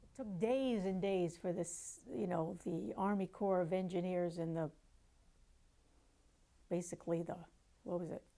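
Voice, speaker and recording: Slow-talking woman with a gravelly voice. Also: lowish voice, steady tone, dark tone. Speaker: fire survivor interviewee. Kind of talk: personal storytelling.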